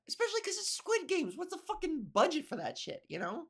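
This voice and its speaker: A woman's voice: extremely high pitch, wildly swooping pitch, a little fast. A woman comedian hosting her own podcast, rambling in a casual, profane monologue with many restarts and asides.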